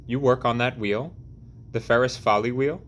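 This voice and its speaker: A man voicing a stolid, middle-aged German-American carpenter with a German accent who talks calmly and bluntly in broken English. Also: medium pitch, moderate pace, slight background noise, close to an everyday voice. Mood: placid. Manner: calm, blunt, broken grammar.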